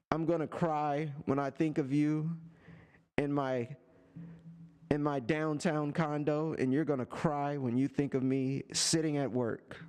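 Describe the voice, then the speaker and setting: A man live-streaming from a home setup with a desk microphone, talking to a chatter in a sarcastic, teasing rant full of drawn-out taunts. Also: medium pitch, a little mellow, clear, resonant tone. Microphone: desk microphone and headphones.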